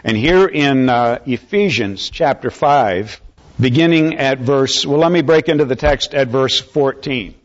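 Man, preacher, earnest sermon, unhurried, mid pitch, muffled lo-fi recording. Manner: unhurried, earnest, calls for amens. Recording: slightly dull lo-fi recording.

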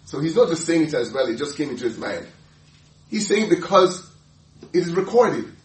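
A man preaching a sermon, emphatic and animated, often laughing and repeating words as he explains a passage. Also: fairly high pitch, moderate pace, roomy sound, recorded from a distance, poor audio. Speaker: pastor.

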